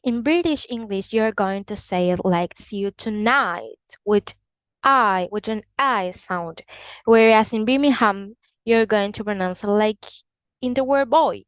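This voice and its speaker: Woman teaching English, slow and deliberate, raised pitch, dry close sound. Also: clear, resonant tone, no room sound, low-quality recording. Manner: slightly non-standard English phrasing. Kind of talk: explanatory lesson narration.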